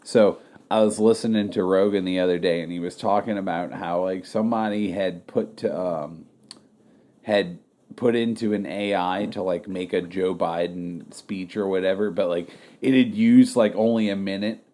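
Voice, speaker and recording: A man's voice: deep voice, fairly even intonation, moderate pace, mellow. A man co-hosting a podcast, telling a story in a rambling way, full of "like" and casual swearing. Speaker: podcast co-host. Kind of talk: casual chat.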